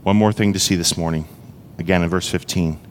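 A man preaching a sermon as a pastor and praying aloud for his congregation, earnest and heartfelt, moving between brisk explanation and slow, weighty emphasis. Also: low voice, steady tone, long reverb tail, slight background noise. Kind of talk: sermon with spoken prayer. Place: church sanctuary.

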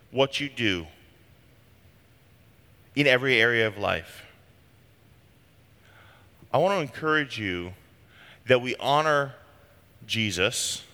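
Animated, bright-voiced man preaching. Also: fairly high pitch, long reverb tail. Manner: animated, conversational, emphatic. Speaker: pastor. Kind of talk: sermon.

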